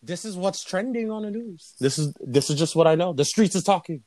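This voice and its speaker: A man's voice: sits high, expressive, brisk, darkish tone, no room sound. A young man co-hosting a casual podcast, talking in loose, profane, joking rants. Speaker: podcast co-host. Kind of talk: casual crude podcast chat.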